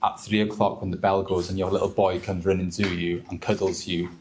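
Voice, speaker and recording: A man's voice: sits low, level tone, a little fast, background noise. A man in his thirties, a father and trader, talking candidly and emotionally on stage at a live event. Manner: candid, emotional, repeats words. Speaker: trader speaking on a panel. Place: event hall with an audience.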